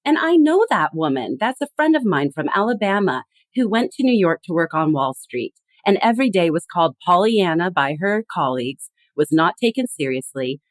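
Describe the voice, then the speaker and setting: Lower-voiced woman explaining emphatically. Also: no room sound. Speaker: guest expert. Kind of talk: conversational podcast interview.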